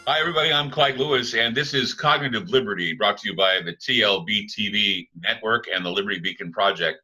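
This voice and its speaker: A man hosting a casual interview, his voice pitched low yet with a bright, forceful edge. He talks in a halting way, filling gaps with "uh" as he gathers his thoughts. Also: soft background music, low-quality recording. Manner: halting, with frequent "uh" fillers. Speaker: talk show host.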